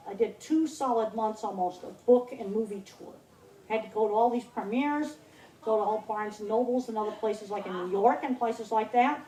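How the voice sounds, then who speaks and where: A woman in her sixties gives a blunt, emphatic public talk at an outdoor country fair, repeating words for stress. Her voice is fairly high-pitched with a dark tone. The recording is roomy and distant-miked, with faint noise.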